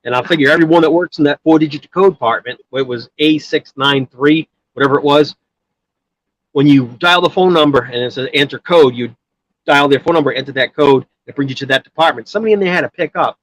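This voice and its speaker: A man's voice: fairly high pitch, quick pace, no echo, low-quality recording. Rambling man telling a long story. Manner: rambling, many restarts and filler words. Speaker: guest storyteller. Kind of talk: casual storytelling.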